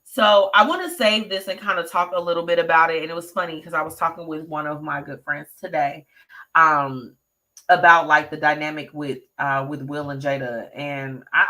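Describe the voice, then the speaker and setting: Sassy bright-voiced woman host. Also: sits low. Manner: sassy, chatty, talks straight to listeners. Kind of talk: live show gossip commentary.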